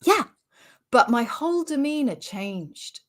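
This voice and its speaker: A British woman comedian in her forties, telling a sweary, animated anecdote in casual chat over a remote call. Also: high-pitched, takes it slowly. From Britain. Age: 40s. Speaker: comedian guest.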